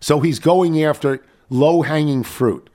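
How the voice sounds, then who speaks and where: A man's voice: on the high side, measured pace, dark tone. An older man hosting a talk radio show, ranting with indignant rhetorical questions in casual banter.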